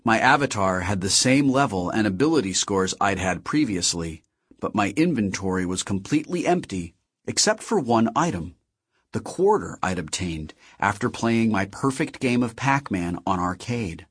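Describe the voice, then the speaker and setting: A man narrating a novel in the first person with a steady, measured reading. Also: lowish voice, slightly rough, dry recording, studio quality. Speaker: audiobook narrator.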